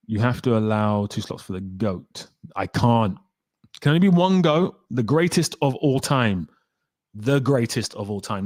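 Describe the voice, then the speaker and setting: A man's voice: medium pitch, dry recording. A man hosting a casual livestream, chatting and reading viewer comments aloud in a rambling way. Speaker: livestream host.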